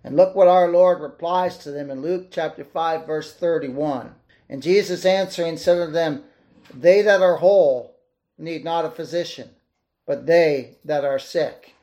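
Fervent preacher man, fairly high voice. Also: unhurried, mellow. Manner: fervent, exclaiming and asking the listeners questions; reads scripture aloud in old-fashioned wording. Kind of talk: sermon.

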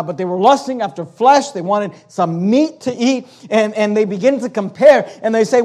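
A male pastor delivers an emphatic sermon in a strikingly high voice. He presses his point with rhetorical questions and often restarts his sentences. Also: darkish tone.

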